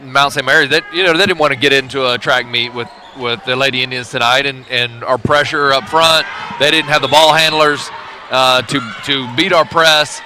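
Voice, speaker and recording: A man, announcing a high school basketball webcast and interviewing a coach, eager and quick to agree. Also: steady tone, sharp tone, some chatter behind, slight background noise. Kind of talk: play-by-play and interview hosting. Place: gym during a game.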